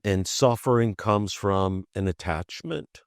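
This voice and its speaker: A man's voice: on the low side, slow pace, smooth, no echo. Man, guest coach, storytelling with asides, conversational, dry recording. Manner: storytelling, explains with examples and casual asides. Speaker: guest author and life coach. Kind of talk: conversational podcast interview.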